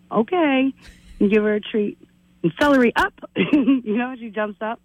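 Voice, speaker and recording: A woman's voice: on the high side, a little slow, no room sound. A woman calling in to a radio show, talking cheerfully about her dog. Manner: cheerful, laughing. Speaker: caller. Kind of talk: phone-in chat. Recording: dull phone line.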